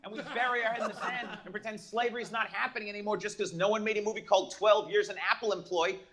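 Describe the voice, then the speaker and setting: A young adult man doing a profane, brash stand-up comedy set with rapid-fire jokes. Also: high voice, fairly even intonation, crowd noise.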